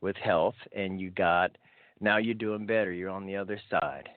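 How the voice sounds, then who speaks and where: A man's voice: deep voice, fairly even intonation, normal speed, no room sound. A man hosting a call-in radio show, chatty and upbeat, often restarting his sentences. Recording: thin phone-like audio.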